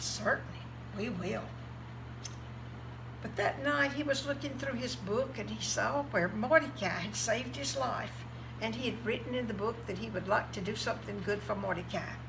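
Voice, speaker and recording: A woman teaching a children's Bible class, telling the story gently, with fillers. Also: on the high side, animated, normal speed, creaky, background noise.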